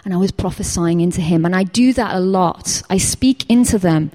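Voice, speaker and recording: A fairly low-pitched woman's voice, at normal speed, belongs to an English teacher delivering a casual sermon. She animates her personal stories, acts out what people said, and occasionally whispers.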